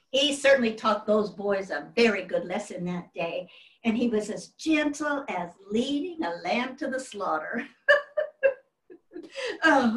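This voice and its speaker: An actress plays a genteel 1800s widow, a historical first lady, in a live one-woman reenactment, spinning family tales in a fond, chatty, exclamatory way as her voice rises and falls freely. Her medium-pitched voice is near everyday speech, with a little hiss or hum. She performs on stage before a live audience, heard from a distant mic in a roomy hall.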